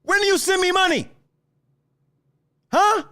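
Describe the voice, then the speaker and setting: A man's voice: very high voice, measured pace, pushed and bright. A man hosting a solo podcast, ranting heatedly at his audience with lots of swearing and lecturing. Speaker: podcast host.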